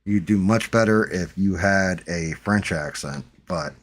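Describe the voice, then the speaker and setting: A man with a very low voice hosts a livestream, chatting in a loose, rambling way. He swears freely and keeps the talk relaxed and offhand. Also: a little slow. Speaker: livestream host. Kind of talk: casual chat.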